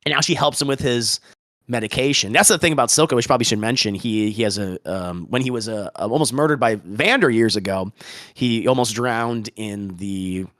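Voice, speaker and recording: Male podcast host, animated and casual, bright tone, dry close sound. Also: fairly low pitch, fairly quick, dry recording. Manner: excitable, swears, retells scenes with many restarts. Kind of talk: casual podcast review chat.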